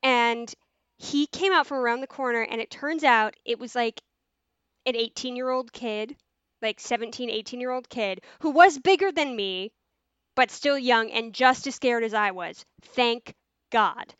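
A woman telling a story in casual podcast talk, animated, swearing freely and using lots of fillers. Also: on the high side, unhurried, smooth, no echo. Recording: dull, dry sound.

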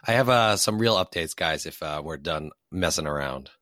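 A hoarse man with a low voice, co-hosting a podcast in a casual, joking way. His tone is sharp and tense. He is recorded dry and close. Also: animated, normal speed, dry recording. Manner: joking, conversational. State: hoarse from a cold. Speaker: podcast co-host. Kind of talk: casual chat.

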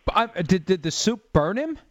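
A man's voice: high-pitched, big pitch swings, moderate pace, darkish tone. A man hosting a podcast who reads out listener questions and throws in joking asides. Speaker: podcast host. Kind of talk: casual chat.

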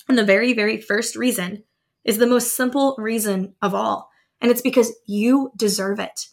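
Upbeat woman with a gravelly edge. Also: a little high, fairly even intonation, moderate pace. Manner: upbeat storytelling with laughs. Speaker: podcast host. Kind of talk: motivational podcast talk.

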